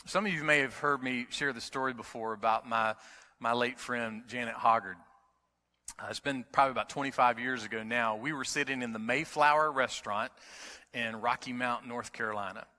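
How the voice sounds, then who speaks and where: Emphatic preacher man in a hall. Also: mid-range voice. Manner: emphatic, repeats key words, swings from quiet storytelling to loud preaching. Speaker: pastor. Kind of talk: sermon. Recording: long hall reverb.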